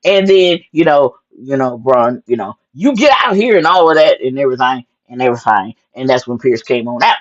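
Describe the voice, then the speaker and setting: A woman hosting a wrestling recap show, telling the action in a sassy, lively way with plenty of "honey" asides and acted-out quotes. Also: very deep voice, fairly quick, hardly any pauses, lo-fi sound. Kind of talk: excited casual wrestling recap.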